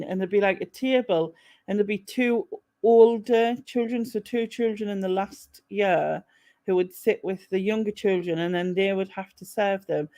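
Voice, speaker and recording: Gravelly-voiced woman host. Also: medium pitch, darkish tone, no room sound. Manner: reminiscing, hesitant with fillers. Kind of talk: casual chat on a live stream.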